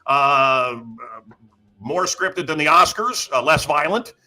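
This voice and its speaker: A man's voice: fairly high pitch, animated, takes it slowly, sharp tone. A man hosting a talk show, delivering a sarcastic, ranting comedic monologue full of mocking asides. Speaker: radio show host.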